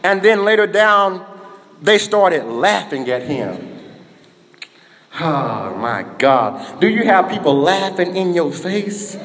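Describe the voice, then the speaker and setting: A high-voiced man preaches with fervent call-and-response energy, his rising into exhortation and dropping low to tell the story. The sound rings through a large, echoing church hall. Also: sing-song, slow pace, a bit bright. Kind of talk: sermon. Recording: echoey hall.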